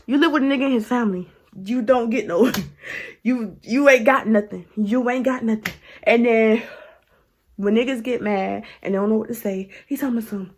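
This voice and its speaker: A young woman recounts a run-in on camera in casual storytime style. Her voice sits fairly high with a husky edge. She talks straight to viewers and laughs through the telling. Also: normal speed. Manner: animated, addresses viewers as "y'all", laughs mid-story. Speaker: vlogger.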